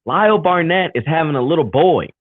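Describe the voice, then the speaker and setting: A man's voice: a little high, expressive, fairly quick, dry recording. A man co-hosting a live racing talk show, chatting loosely and rambling through thanks and sign-offs over a video call. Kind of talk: casual live show chat. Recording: tinny phone-like call audio.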